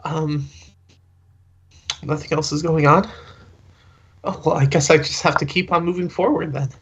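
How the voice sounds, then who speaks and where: A man's voice: a little high, fairly even intonation, gravelly, a bit bright, husky. A man playing a tabletop role-playing game, talking playfully and hesitantly. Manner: playful, hesitant, drawn-out speech. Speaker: player. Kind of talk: casual tabletop role-play. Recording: dull lo-fi mic.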